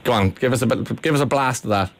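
A woman's voice: very deep voice, fast talker. An adult woman hosting a playful chat with a child, teasing and joking with her. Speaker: radio host.

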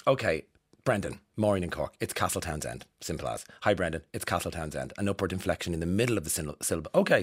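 An Irish man hosts a radio show with a low, easy voice. He chats casually, pokes fun at himself and laughs as he reads listeners' texts. His voice is close and dry, with no room around it. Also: a bit bright, dry recording. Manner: chatty, self-mocking, laughs often. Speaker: radio host.

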